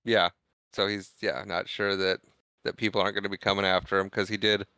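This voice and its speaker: Male podcast co-host, lowish bright clean voice, dry close mic, rambling recap with acted-out quotes. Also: flat delivery, a little fast, clean tone, dry recording. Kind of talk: casual movie discussion.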